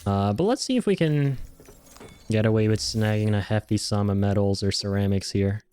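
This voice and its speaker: A man's voice: on the low side, normal speed, darkish tone, smooth. A man streaming a video game, chatting casually and playfully, joking and swearing as he plays. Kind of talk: casual gameplay commentary.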